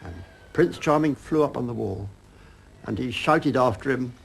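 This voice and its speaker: An older man telling a child a story in a lively, dramatic way, as a grandfather. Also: medium pitch, normal speed, vocal fry, breathy edge.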